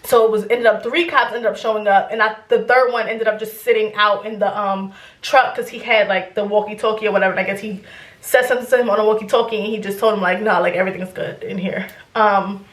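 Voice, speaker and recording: A young adult woman vlogger telling a story in casual chat, rambling and animated, swearing freely. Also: medium pitch, fast talker, reverberant.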